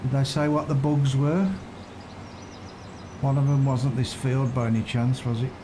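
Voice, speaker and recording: Male streamer, chatty and thinking aloud, mid pitch, steady hum of noise behind. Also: measured pace. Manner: musing, unsure, chats with viewers. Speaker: game streamer. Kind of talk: casual live-stream commentary. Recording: constant background noise.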